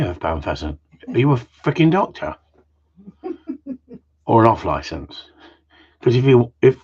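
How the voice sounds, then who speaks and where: A man's voice: medium pitch, slightly rough. A man hosting a casual live Q and A, rambling and jokey, swearing freely and tagging questions onto his remarks. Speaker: host of a live Q and A. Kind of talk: casual live-stream chat. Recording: muffled lo-fi audio.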